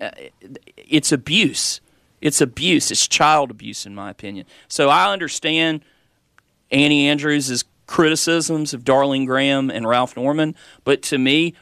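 A man's voice: mid-range voice, a bit bright, dry recording, studio quality. A man with a Southern American accent co-hosting a casual political talk show, opinionated and teasing. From South Carolina.

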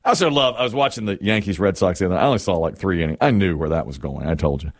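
A man hosting a casual sports talk show, telling stories in an animated way and laughing as he goes. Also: low-pitched, rapid-fire, dry recording, studio quality. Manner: animated storyteller, laughs, mimics others.

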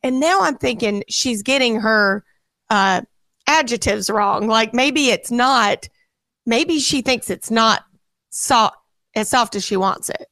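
A woman co-host tells a family story on a morning radio show, slightly high-pitched and lively as she acts out each quoted line. Her voice sits close and dry on the studio mic, with no room around it. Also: slow pace, no room sound. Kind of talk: casual on-air storytelling.

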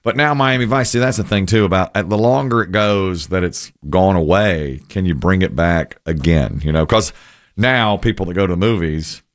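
A man's voice: low-pitched, normal speed, no room sound, studio quality. A man hosting a casual radio chat, telling stories and giving opinions in a chatty way. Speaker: radio show host.

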